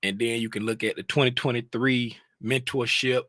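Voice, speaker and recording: A man's voice: medium pitch, fairly even intonation, normal speed, fairly bright tone, no echo. A man hosting a trading livestream, joking loosely with viewers and greeting them by name before teaching. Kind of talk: casual livestream chat and teaching. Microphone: talks close to a microphone.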